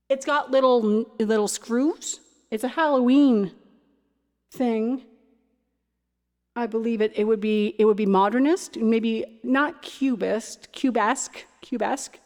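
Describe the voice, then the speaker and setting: A woman's voice: fairly high pitch, darkish tone. Chatty woman with hall reverb. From Ontario, Canada. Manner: chatty and rambling, restarts her sentences. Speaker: cabaret host and singer. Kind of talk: casual livestream chat between songs. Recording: long hall reverb with faint music.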